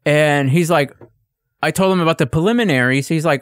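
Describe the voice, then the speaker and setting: A man's voice: a little high, brisk, clear, resonant tone, no room sound, clean studio sound. A man on a casual podcast, ranting and swearing as he tells a story and acts out exchanges in a raised voice. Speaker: podcast co-host. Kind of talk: casual chat.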